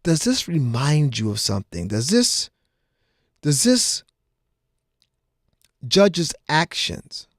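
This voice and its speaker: A man hosting a call-in talk radio show in an animated, exclaiming way on a studio microphone. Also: mid-range voice, measured pace, no echo. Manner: animated, exclaiming, repeats the phone number.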